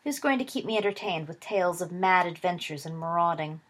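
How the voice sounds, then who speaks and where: A woman voicing a quiet, wry teenage schoolboy. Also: lowish voice, lively intonation, fairly quick.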